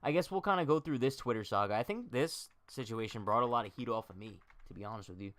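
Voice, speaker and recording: A man's voice: mid-range voice, quick pace, fairly bright tone, dry recording. A young man hosting a casual baseball livestream, chatting and joking straight to his viewers. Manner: chatty, jokey, talks to chat directly.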